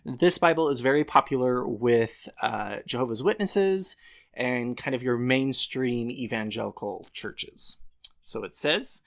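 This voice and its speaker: A man's voice: mid-range voice, lively intonation, unhurried, vocal fry. A man co-hosting a casual podcast chat, explaining things and often breaking into laughter. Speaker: podcast co-host.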